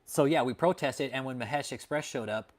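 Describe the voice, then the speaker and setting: Man, livestream host, casual and foul-mouthed, mid pitch, chuckles a lot. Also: brisk. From Texas. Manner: profane and laid-back, calls people dude and man; laughs often at his own jokes. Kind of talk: casual livestream chat with viewers.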